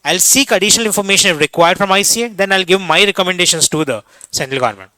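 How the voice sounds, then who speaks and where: Young male teacher with an Indian English accent, brisk exam revision, bright pitch, dry close sound. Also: animated, no echo, low-quality recording. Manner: rapid, quizzing students with questions.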